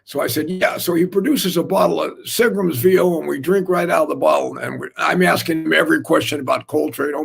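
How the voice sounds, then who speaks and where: A gravelly, husky older man spins jazz stories with a slightly high voice for a man. He rambles and talks with animated energy, dropping in lots of fillers. It sounds like a casual, unscripted chat. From Oakland, California. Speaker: jazz drummer telling stories.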